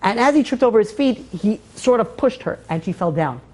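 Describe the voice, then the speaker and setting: A woman telling a moral story in a lecture, animated and acting out the characters' lines. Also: mid-range voice, fairly quick, slight background noise. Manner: animated, acts out quoted dialogue. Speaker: teacher of Torah.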